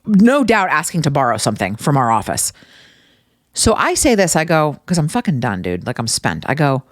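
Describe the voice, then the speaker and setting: A woman hosting her own podcast, telling funny stories in a casual, animated way and swearing freely. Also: sits low, moderate pace, no room sound, clean studio sound. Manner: animated, profane, exasperated storytelling. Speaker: podcast host. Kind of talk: casual comedic storytelling.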